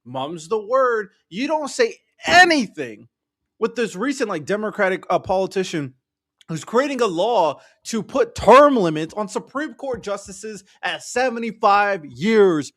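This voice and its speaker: A man's voice: sits high, sing-song, unhurried, a bit bright. A man streaming live reaction commentary on politics, ranting heatedly and profanely and mocking people in impressions.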